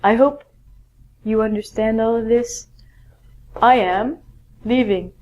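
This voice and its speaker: A woman's voice: a little high, slow, darkish tone, highs cut off, slight background noise. A woman teaching a basic grammar lesson, patient and encouraging, explaining step by step. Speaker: English teacher.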